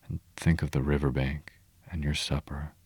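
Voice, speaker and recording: A man's voice: extremely low pitch, flat delivery, moderate pace, a little mellow, breathy edge, dry recording, exaggerated voice. A man doing a sobbing little mole. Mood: pleading. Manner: sobbing, broken, pleading. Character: tearful timid small male mole.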